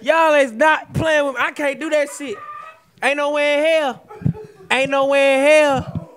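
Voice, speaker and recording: Comedian co-host, Southern man, high-pitched and sharp, yells then mutters. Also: unhurried, a little hiss or hum. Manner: animated, swings between yelling and mumbling, profane. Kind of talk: loud comedic riffing.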